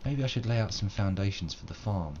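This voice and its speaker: A very low-voiced man chats his way through a live game stream, rambling and self-deprecating. He dresses up his musings in wordy, old-fashioned phrasing. The home recording is slightly muffled, with faint noise underneath. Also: expressive, a little fast, a little mellow. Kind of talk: live gameplay commentary.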